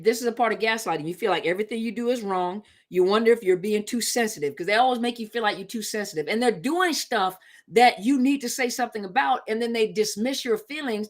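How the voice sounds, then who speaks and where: A woman talking straight to her viewers on a live stream, with a mid-range voice that's neither high nor low. She's conversational and emphatic, circling back to hammer her points home. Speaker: live-stream host on relationships. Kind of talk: casual live-stream talk.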